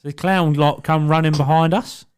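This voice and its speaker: A man co-hosting a podcast, telling stories in casual chat, animated, laughing and swearing often. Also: a little high, normal speed, clear, resonant tone. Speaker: podcast co-host.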